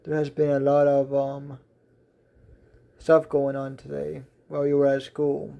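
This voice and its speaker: A man's voice: medium pitch, completely flat delivery, unhurried, vocal fry, muffled recording. A man voicing a polite, formal male butler and chauffeur in a read-aloud fan story, with courteous, formal phrasing in a near-everyday voice.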